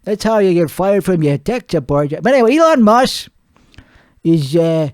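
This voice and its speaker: A man's voice: sits high, sing-song, normal speed, darkish tone, smooth, dry recording, studio quality. A man playing a crude, boastful podcast host who rambles and laughs at his own jokes. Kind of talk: improvised character comedy monologue.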